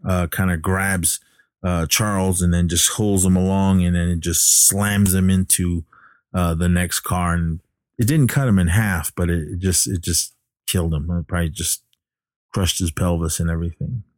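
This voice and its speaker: A man casually recapping a film plot as a podcast host, halting with many fillers and restarts. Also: low-pitched, fairly even intonation, no echo, studio quality.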